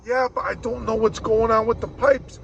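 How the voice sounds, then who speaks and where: A man's voice: very high-pitched, steady tone, normal speed, gravelly, noisy background. A man ranting casually to camera in a rambling, wry way, mimicking other people as he goes. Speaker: vlogger.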